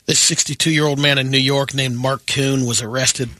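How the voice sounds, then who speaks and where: A male radio news reader delivering offbeat stories in a matter-of-fact, deadpan way on a studio microphone. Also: mid-range voice, moderate pace, no echo.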